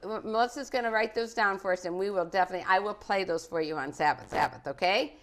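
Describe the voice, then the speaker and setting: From her living room, a middle-aged cooking host runs a live show and chats cheerfully with children and viewers. She speaks quickly in a mid-range voice with a fairly bright tone.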